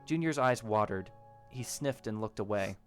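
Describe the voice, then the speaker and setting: Man narrating a story over soft music. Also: lowish voice, animated, normal speed. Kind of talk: audiobook narration of a fan story.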